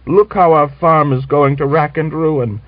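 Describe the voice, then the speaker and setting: A man's voice: a little high, steady tone, unhurried, no room sound, voice pushed up, natural voice. A man voicing a grieving old peasant woman who wails and laments, from an old lo-fi recording. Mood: lamenting. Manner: wailing, lamenting.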